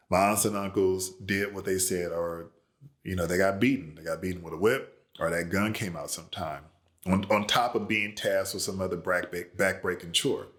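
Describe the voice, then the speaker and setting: With a very deep voice, a man relaxedly tells a family anecdote in conversational style. He's an author recounting a story that never made it into his book, using everyday fillers and unhurried pauses in this bit of casual personal storytelling.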